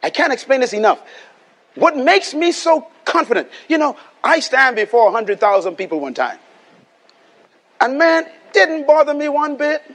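A man's voice: extremely high pitch, sing-song, moderate pace, fairly bright tone. A Bahamian man preaching a live sermon, emphatic and repetitive, calling on the congregation to respond and repeat after him. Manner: emphatic, repeats lines and calls for audience response. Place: live venue before a congregation.

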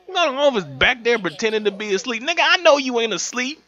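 Young male gaming commentator, loud and profane, very animated pitch, dull lo-fi mic with faint music. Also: fast talker, hardly any pauses. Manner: loud, excitable, swings between yelling and muttering. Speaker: gaming YouTuber. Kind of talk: profane comic gameplay commentary.

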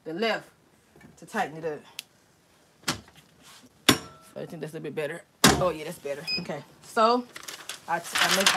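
A woman hosting a casual live-stream crafting tutorial, chatty and excitable, talking straight to her viewers. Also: on the high side, background noise. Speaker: crafting channel host.

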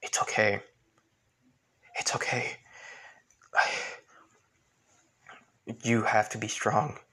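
A man voicing a dying, gentle father who speaks quietly in a breathy half-whisper. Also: mid-range voice, monotone, measured pace. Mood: tender.

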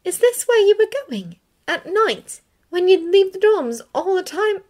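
A woman voicing a concerned young woman who speaks in a gentle, soothing way, read aloud from a story. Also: very high voice, big pitch swings, a little slow, voice pushed up, heavily acted. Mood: startled. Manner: soft, soothing.

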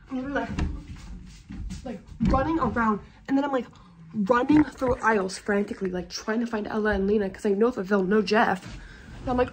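A young woman chats to her vlog camera in a bubbly, gushing way, leaning on "like" and cursing freely. Her voice sits a little high. Steady noise runs behind her. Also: fast talker. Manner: bubbly, gushing, swears a lot, fillers like "like". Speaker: vlogger. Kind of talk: casual vlog chat.

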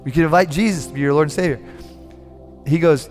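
A male pastor delivering a sermon, earnest and often stumbling over repeated words as he gathers momentum. His voice is fairly high for a man. It rings out with long hall reverb, and faint music plays underneath. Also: fast talker, darkish tone. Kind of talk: sermon storytelling.

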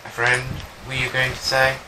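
A man chatting while playing a video game, teasing his friend with deadpan dark jokes. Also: medium pitch, normal speed, slight background noise, low-quality recording. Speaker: gamer. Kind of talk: casual gaming chat.

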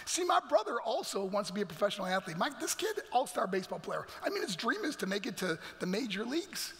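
Middle-aged male guest speaker, high bright voice, dramatic testimony, big church echo. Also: sing-song, fast talker. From New York. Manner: dramatic, emphatic storytelling with acted quotes. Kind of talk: motivational testimony. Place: large church hall. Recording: reverberant church hall.

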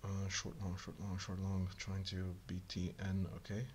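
A man reading a bomb manual aloud in a casual co-op game, hurried and muttering. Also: low voice, completely flat delivery, noisy background. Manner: hurried, mutters while searching, bursts into laughter. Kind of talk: casual gaming chat.

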